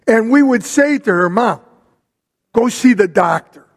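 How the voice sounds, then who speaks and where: High-voiced preacher in a reverberant hall. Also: male voice, expressive, vocal fry, breathy edge. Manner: measured, storytelling preacher with pauses. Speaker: pastor. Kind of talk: sermon.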